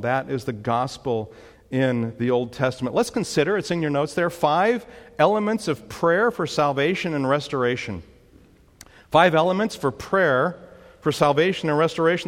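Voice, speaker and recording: Emphatic preaching man in a reverberant hall. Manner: emphatic preaching, rising on pleas and dropping low for asides. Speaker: pastor. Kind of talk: sermon.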